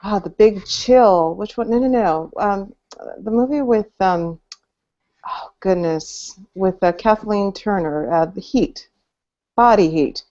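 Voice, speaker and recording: A woman of medium pitch and darkish tone speaks slowly as a co-host of a casual movie podcast. Recorded over a video call with dull lo-fi audio, she rambles with lots of fillers and restarts.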